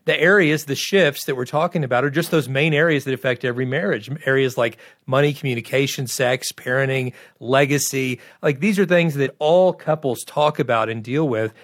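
A man's voice: mid-range voice, fairly quick, few pauses, a bit bright. A man appearing as a guest and marriage coach, explaining his ideas earnestly with a self-deprecating touch and a few stumbles. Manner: earnest, self-deprecating, repeats words as he goes. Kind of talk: casual talk-show conversation.

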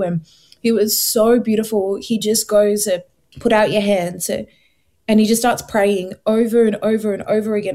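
A woman's voice: mid-range voice, moderate pace. Earnest young woman sharing testimony. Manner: earnest, animated, acts out her own past thoughts. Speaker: guest sharing her testimony. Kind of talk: emotional personal testimony.

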